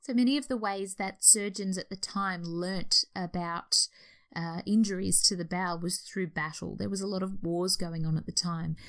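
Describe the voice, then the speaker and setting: A woman's voice: on the low side, steady tone, moderate pace, a bit bright. An Australian woman, a nurse educator, explaining a history topic in an informal way, correcting herself as she goes. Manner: explanatory, with restarts and self-corrections.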